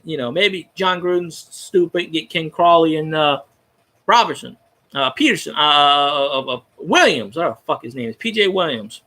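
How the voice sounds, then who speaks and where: A man's voice: fairly high pitch, sharp tone. A man giving a profane, rambling football fan rant in casual chat.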